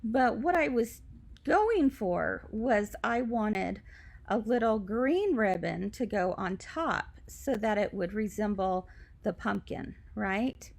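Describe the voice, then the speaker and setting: A woman's voice: mid-range voice, expressive, slow pace, gravelly. A woman hosting a live craft tutorial for a quilt shop from home, chatty and confiding with lots of asides.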